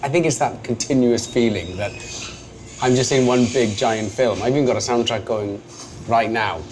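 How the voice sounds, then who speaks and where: A Welsh man in his thirties, an actor guest telling stories in a casual interview, self-deprecating and quick to laugh. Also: medium pitch. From Wales. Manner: animated storyteller, self-deprecating, laughs often. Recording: noisy background.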